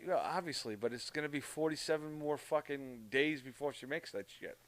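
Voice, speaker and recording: A man from Canada telling a story in casual chat on a podcast, profane and animated. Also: fairly high pitch, fairly quick. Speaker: podcast co-host.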